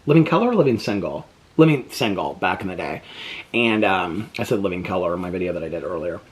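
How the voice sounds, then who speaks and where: A man's voice: lively intonation, quick pace. A man vlogging at home in a casual, rambling chat full of fillers, cooing to his pet between stories. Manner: chatty, rambling with many fillers; coos to his pet in high baby talk.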